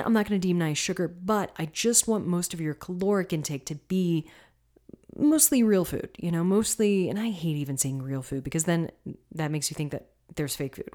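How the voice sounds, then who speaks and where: A woman's voice: deep voice, darkish tone. A woman hosting a solo podcast as a coach, talking casually with lots of fillers and side remarks. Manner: conversational, frequent fillers and asides.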